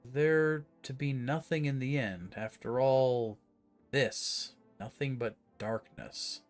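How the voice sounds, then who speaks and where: A man voicing a gloomy, philosophical tall man in a game, speaking slowly and mournfully. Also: soft background music, close to an everyday voice. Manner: slow, low and mournful. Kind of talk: reading game dialogue aloud in voices.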